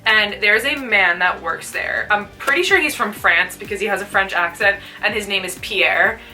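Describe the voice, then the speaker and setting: A woman's voice: medium pitch, normal speed, sharp tone, distant mic, faint music behind. A young woman chatting casually while doing a makeup tutorial, peppering her talk with "like". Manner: chatty, fills speech with "like". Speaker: beauty vlogger.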